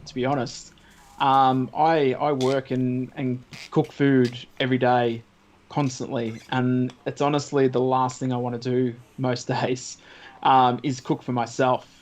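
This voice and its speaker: A man's voice: medium pitch, steady tone, a little slow, a little mellow. A man, a guest on a livestream, chatting in a laid-back way and swearing casually. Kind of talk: casual chat.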